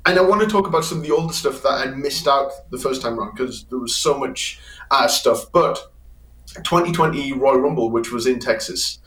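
A man's voice: mid-range voice, a little fast, fairly bright tone. A man from the United Kingdom with a British accent, hosting a casual YouTube interview in a chatty, self-deprecating way. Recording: roomy echo.

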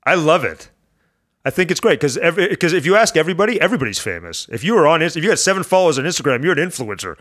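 A man chatting as a podcast guest, an animated storyteller whose voice jumps high when excited. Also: very fast. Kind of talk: casual chat.

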